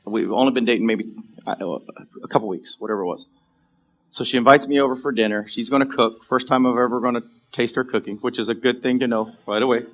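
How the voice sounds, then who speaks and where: A man preaching in church, telling a personal story in a casual, animated way with frequent fillers and laughs. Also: mid-range voice, fast. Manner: animated storyteller, acts out characters, laughs often. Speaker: pastor. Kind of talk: sermon storytelling. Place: church sanctuary.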